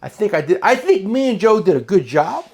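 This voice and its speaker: A man's voice: high voice, very animated, a little fast, gravelly, darkish tone, slight background noise. A man with a New Jersey accent hosting a casual tool show, rambling and joking with his cohost. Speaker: tool shop owner and show host. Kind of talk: casual product chat.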